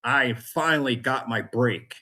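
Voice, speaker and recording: Male guest; animated storyteller who does voices of people in his story. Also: medium pitch, measured pace. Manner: animated storyteller, acts out voices, laughs often. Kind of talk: storytelling interview.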